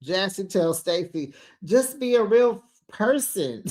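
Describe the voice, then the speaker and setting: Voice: mid-range voice, very animated, slow, darkish tone. A host giving a casual recap of a reality show episode, retelling scenes and acting out the cast's lines, calling listeners besties and honey.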